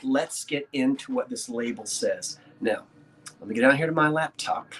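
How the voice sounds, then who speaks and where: This antiques reseller from South Jersey has a husky, mid-range voice with a fairly bright tone and a moderate pace. They chat casually with a live chat from a desk with a laptop indoors, showing off a painting, rambling, laughing a lot and building suspense.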